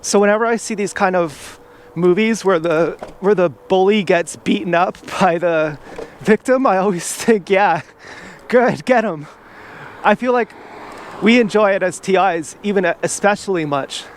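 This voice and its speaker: A man's voice: sits high, normal speed, slight background noise. A man vlogging outdoors from an e-bike, rambling in a casual monologue full of "like" and restarts.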